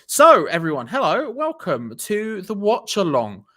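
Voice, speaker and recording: A man's voice: high-pitched, huge pitch swings, unhurried, a bit bright. Easygoing, jokey man hosting a watch-along. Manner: easygoing, jokey, laughs often. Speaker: host of a football watch-along. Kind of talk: casual chat. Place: flat.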